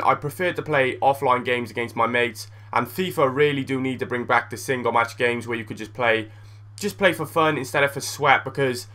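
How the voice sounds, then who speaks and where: A young man giving casual gameplay commentary as a gaming YouTuber, blunt and excitable, swearing freely. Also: medium pitch.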